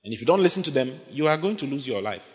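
Animated pastor in echoing hall. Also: male voice, mid-range voice, quick pace. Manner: animated, emphatic, often shouting and laughing. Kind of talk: sermon. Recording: long hall reverb.

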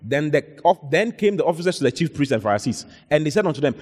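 A man's voice: fairly high pitch, big pitch swings, fairly quick, hardly any pauses. Exhorting male preacher in a reverberant hall. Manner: exhorting, calls out to the congregation, reads scripture aloud. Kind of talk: sermon with Bible readings.

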